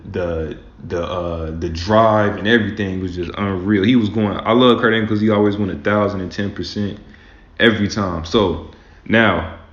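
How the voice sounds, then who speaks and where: A man hosting his own casual commentary as a wrestling fan, talking loosely and rambling with lots of "man" and "like". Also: fairly low pitch. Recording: roomy, dull lo-fi sound.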